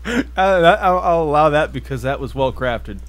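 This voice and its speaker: A young man reads a spooky story aloud to friends, laughing easily and breaking off whenever they interrupt. His voice sits a little high and swings widely in pitch. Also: expressive, normal speed, a little hiss or hum. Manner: laughing, playful, often interrupted. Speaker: host reading a story. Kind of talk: casual group banter and story reading.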